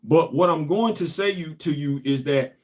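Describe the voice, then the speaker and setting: The host is a middle-aged man from New York running a casual opinion program. At a normal speed, he makes his case emphatically, moving between booming points and low asides.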